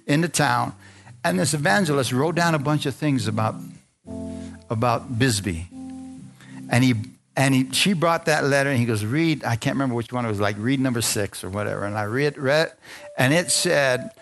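A man delivering a sermon as a story, voicing the people in it and turning to ask the congregation questions. His pitch sits in the middle of the range. Soft music plays faintly behind him. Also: normal speed, gravelly. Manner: storytelling, acts out dialogue, asks the congregation. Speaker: preacher. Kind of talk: sermon testimony.

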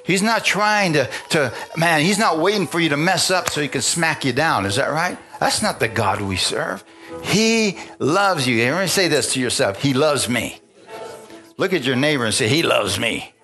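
A man's voice: a little high, expressive, moderate pace, pushed and bright, faint music behind. A man preaching a sermon in a conversational style, often asking the congregation for amens and chuckling as he talks. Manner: call-and-response preaching with frequent amens. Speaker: pastor.

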